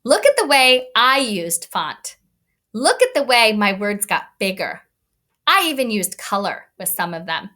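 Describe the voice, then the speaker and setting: Animated, slow-paced woman teacher. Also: mid-range voice. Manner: animated, expressive teacher voice addressing kids. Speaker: elementary school teacher. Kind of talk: online read-aloud lesson for young children.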